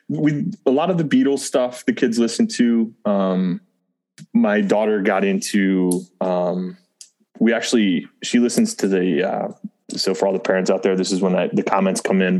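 A middle-aged man with a low-set voice talks in easy casual conversation. He rambles, doubles back on his words and laughs lightly often. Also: moderate pace, darkish tone. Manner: rambling, self-interrupting, chuckles often. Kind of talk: casual chat.

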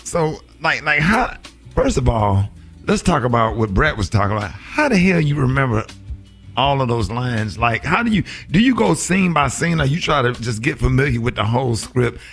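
A man hosting a morning radio show, animated, his pitch jumping high when he jokes. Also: moderate pace, breathy edge, faint music behind.

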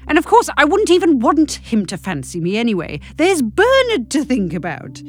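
Wry woman, lively voice. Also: sits high, moderate pace. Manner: wry, self-deprecating, theatrical. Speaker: host and narrator. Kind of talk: comic first-person narration.

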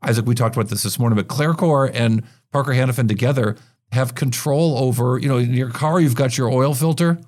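A man hosting a business news podcast, talking through market stories in a conversational way with quick asides and frequent restarts. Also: mid-range voice, darkish tone. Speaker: podcast host.

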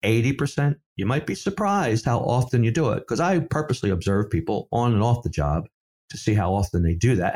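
Man, middle-aged, conversational interview, animated storytelling, very expressive intonation. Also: fairly low pitch. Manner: animated storyteller, acts out quoted dialogue. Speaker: safety professional and seminar speaker.

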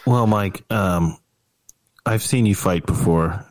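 A man hosting a podcast keeps things loose, teasing his guest and swearing casually. His voice sits on the low side. The recording is close and dry. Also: takes it slowly, a little mellow, dry recording. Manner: laid-back, teasing banter with casual swearing. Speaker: podcast host.

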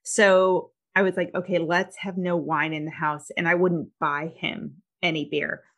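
Brief: middle-aged woman host, lowish voice, candid and animated, casual chat. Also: a little slow. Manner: candid, animated storytelling with lots of "like". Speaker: podcast host. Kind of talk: casual conversation.

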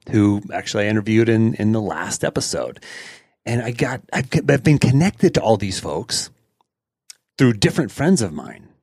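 A man's voice: mid-range voice, a little mellow, slightly rough, no room sound, clean studio sound. A man hosting a podcast, telling a story in a chatty way with fillers and laughing as he goes. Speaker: podcast host. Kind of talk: casual storytelling monologue.

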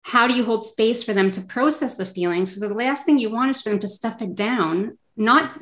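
A woman's voice: moderate pace, fairly bright tone. A woman in her thirties, a parent coach, talking earnestly as a podcast guest and acting out quoted voices now and then. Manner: earnest, acts out quoted kids and adults in a higher voice. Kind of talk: casual interview chat.

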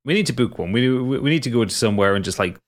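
A man's voice: medium pitch, expressive, racing. A man with a Geordie accent hosting a casual podcast chat, swearing freely as he banters with his co-hosts. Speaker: podcast host.

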